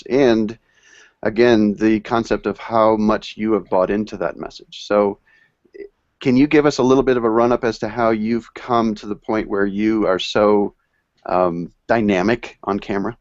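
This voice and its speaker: A male host with a lowish voice asks questions and sums up the guest's answers in an encouraging way. His video call audio is dull and lo-fi. It has no room echo. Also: darkish tone. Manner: summarizing, encouraging. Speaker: show host. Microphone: video call mic.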